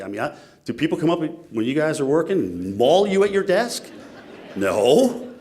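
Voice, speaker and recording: A man giving a keynote speech, telling stories in an animated, self-mocking way. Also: on the high side, moderate pace. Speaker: keynote speaker.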